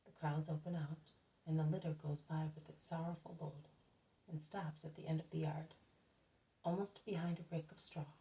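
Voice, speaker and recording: A woman reading a religious book aloud in a steady, measured way. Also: deep voice, distant mic, low-quality recording. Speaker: reader.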